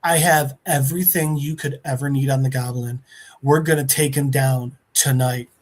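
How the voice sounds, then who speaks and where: A man voicing a weary, drunken male reporter who speaks low and subdued. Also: steady tone, moderate pace, close to an everyday voice. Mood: resolved.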